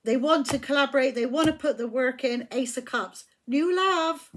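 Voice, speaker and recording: A fairly high-voiced woman reads tarot cards in a casual way. She talks bluntly and with heavy emphasis, and she swears when she gets riled. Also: normal speed, fairly bright tone. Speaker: tarot reader.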